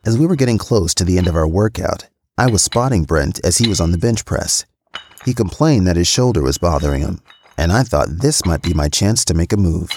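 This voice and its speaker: Deep-voiced man reading a story. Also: lively intonation, a little fast, a little mellow, slight background noise. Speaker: podcast storyteller. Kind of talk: scripted first-person story narration.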